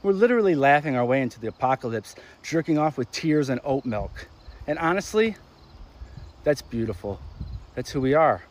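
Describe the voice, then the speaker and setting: A young man delivering a crude, sarcastic comedic rant, exasperated and animated, with sudden loud spikes. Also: mid-range voice, normal speed, a little hiss or hum. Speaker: ranting commentator.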